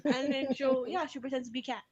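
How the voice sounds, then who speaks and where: Woman, casual livestream chat, slightly high voice, lots of fillers and restarts. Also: fairly even intonation, a little fast, a little mellow, lo-fi sound. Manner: chatty storyteller, many fillers and restarts, acts out her daughter's lines. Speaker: vlogger and mother.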